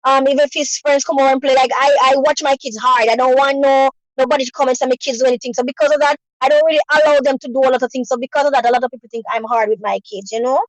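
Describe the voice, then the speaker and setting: Guest storyteller: a woman, earnest and repetitive, with a high voice and a dry, close sound. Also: fairly even intonation, rapid-fire, hardly any pauses, dry recording, low-quality recording. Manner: earnest, repetitive, peppered with "you know". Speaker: guest sharing a personal story. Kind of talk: emotional personal storytelling.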